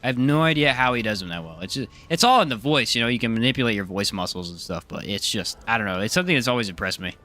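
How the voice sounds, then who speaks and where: Lively chatty male game streamer. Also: on the low side, quick pace, few pauses, faint music behind. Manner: chatty, joking, reads chat aloud. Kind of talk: casual live gameplay commentary.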